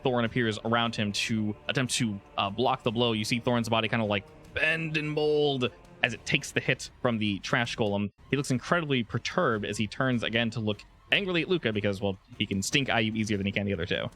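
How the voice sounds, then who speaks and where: Relaxed male game master. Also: mid-range voice, fairly quick. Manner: relaxed, with frequent restarts and fillers. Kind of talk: narrating a tabletop game.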